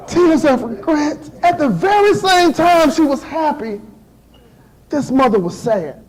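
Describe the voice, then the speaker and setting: Animated high-voiced man telling a story. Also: measured pace, low-quality recording. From Decatur, Georgia. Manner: animated, repetitive, playful, with sudden shifts to hushed. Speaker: motivational speaker. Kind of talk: storytelling speech to an audience.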